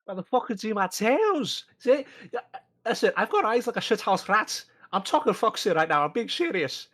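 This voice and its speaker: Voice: mid-range voice, big pitch swings, normal speed, a bit bright. A player voicing a breathless, swearing young male messenger in a put-on Scottish accent, urgent and gabbling. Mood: pleading.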